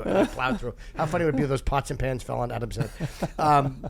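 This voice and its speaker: Gravelly, higher-voiced man telling stories. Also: sing-song, fast. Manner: rambling, self-deprecating, laughs often. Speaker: podcast host. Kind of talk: casual chat, storytelling.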